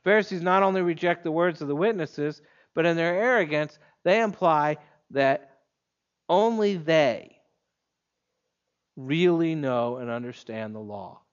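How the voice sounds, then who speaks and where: A man preaching an expository sermon in a measured, emphatic way, leaning on pointed pauses. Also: a little high, clear, resonant tone, dull audio.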